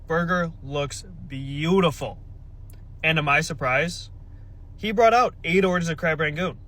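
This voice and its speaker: A man's voice: a little high, sharp tone. A man in his twenties telling a dating story in a sarcastic, exasperated storytime style. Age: 20s. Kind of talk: storytime vlog.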